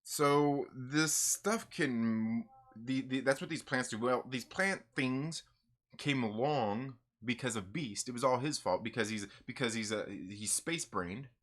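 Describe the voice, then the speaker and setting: A man hosting a comics live stream in a loose, animated way, often repeating himself. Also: medium pitch, a little slow. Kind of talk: casual live stream chat.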